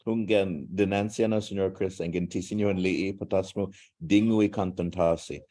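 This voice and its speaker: A man with a low, mellow voice hosts a casual online class gathering. He is chatty and joking, slipping between two languages. He speaks through a video call. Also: measured pace. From Guam. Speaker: language class teacher and host.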